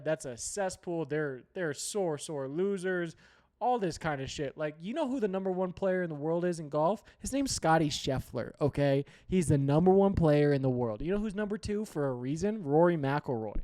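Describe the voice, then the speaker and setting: A man hosting a sports podcast, ranting heatedly with plenty of profanity and sudden loud outbursts. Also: fairly high pitch. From United States.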